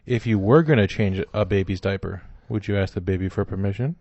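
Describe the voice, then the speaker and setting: A man co-hosting a comedy podcast, chatting casually with sarcastic, animated delivery. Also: fairly low pitch, fairly quick, no room sound, dull audio. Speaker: podcast co-host.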